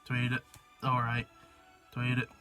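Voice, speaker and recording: A man's voice: medium pitch, completely flat delivery, unhurried, bright, forceful tone, soft background music. A young man chatting casually for his video, rambling with frequent swearing and jokey asides. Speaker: YouTuber. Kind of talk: casual chat reading a website on camera.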